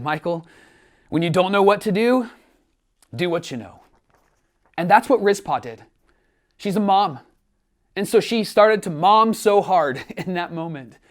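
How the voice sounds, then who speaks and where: A man, a pastor, preaching a sermon with earnest storytelling and rising emphasis. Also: on the high side. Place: church streaming from home.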